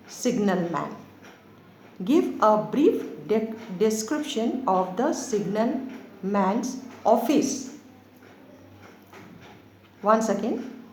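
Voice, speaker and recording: Slow dictating teacher, echoey room. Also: female voice, a little high, darkish tone, a little hiss or hum. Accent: Indian English. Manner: slow, repeats words and spells them letter by letter. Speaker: school English teacher. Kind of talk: online class dictation.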